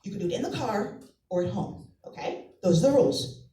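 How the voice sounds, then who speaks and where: Lively-voiced woman doing stand-up. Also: medium pitch, fairly quick. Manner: chatty storytelling, acts out family voices. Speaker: stand-up comedian; mother of two. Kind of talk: stand-up comedy set. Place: comedy club stage. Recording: echoey club, mic from a distance.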